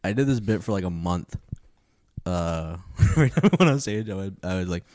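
Man, low voice, lively up-and-down delivery, profane rambling chat, dry close sound. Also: fairly quick, dry recording. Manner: profane, rambling, laughs often. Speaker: stand-up comedian. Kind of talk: casual podcast chat.

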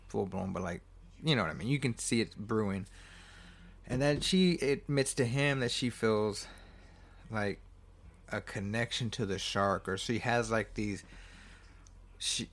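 Casting: laid-back guy with a lowish voice, loose movie recap full of swearing and self-corrections. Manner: rambling, swears freely, corrects himself often. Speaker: movie reviewer. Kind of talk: casual film recap.

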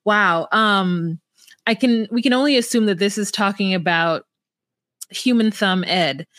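A woman's voice: mid-range voice, a little slow, fairly bright tone, dry recording, studio quality. A woman co-hosting a casual podcast about reality TV, playful and giggly, breaking into sung bits. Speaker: podcast co-host.

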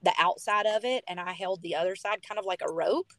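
A young woman telling a personal story as a podcast guest, chatty and animated with lots of fillers. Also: fairly low pitch, fairly quick, no room sound. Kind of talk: casual storytelling.

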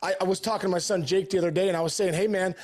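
A man's voice: high voice, fairly even intonation, racing, a little mellow. A man in his forties, a former baseball player appearing as a podcast guest, who talks earnestly and keeps stammering and restarting his sentences. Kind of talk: casual interview chat.

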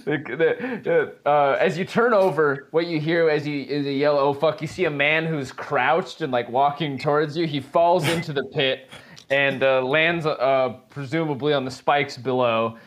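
Slight background noise runs under this casual podcast, where a man with a fairly high, somewhat bright voice narrates as game master of a tabletop game. He speaks at a moderate pace, loose and chatty, with plenty of fillers and easy laughs.

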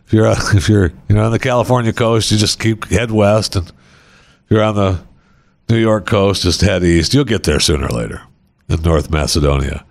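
A podcast host reads news stories aloud for a comedy show, rambling and joking as he stumbles over words. His voice is fairly low and creaky, at normal speed with long pauses, and there's no echo.

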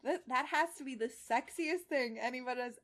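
A woman with a slightly high voice co-hosting a casual chat. She reads passages aloud with mocking drama and breaks off to laugh and comment. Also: moderate pace, a bit bright. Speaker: co-host.

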